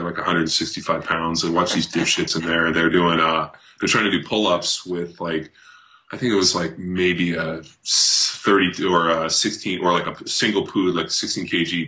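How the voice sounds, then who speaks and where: Deep-voiced, blunt, profane man. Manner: blunt, heavily profane, animated storytelling. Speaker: podcast guest, former pro football player. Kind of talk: casual interview talk.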